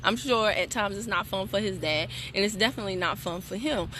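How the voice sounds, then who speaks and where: A woman's voice: medium pitch, a little fast, bright, forceful tone, a little hiss or hum. A woman, probably in her thirties, chatting animatedly and laughing often as she talks to her followers in a casual livestream. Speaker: wellness products seller and team leader.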